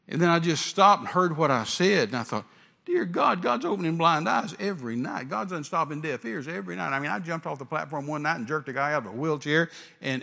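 Older evangelist preaching in a hall. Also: male voice, mid-range voice, a bit bright. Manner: emphatic, repetitive, stammering restarts. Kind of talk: sermon storytelling. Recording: long reverb of a hall.

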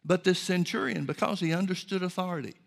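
A man preaching a sermon in a measured way, reading scripture aloud and explaining it. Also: sits high, creaky.

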